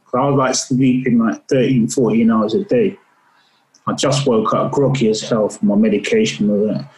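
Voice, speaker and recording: A man's voice: fairly low pitch, fairly even intonation, normal speed, darkish tone, roomy sound, rough recording. A man guest in a casual interview, telling a personal story earnestly, often repeating his words.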